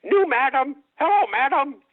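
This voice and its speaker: A man voicing a cheeky male parrot from a brothel, in a shrill squawk, over a tinny phone-like line. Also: animated, moderate pace, dry recording.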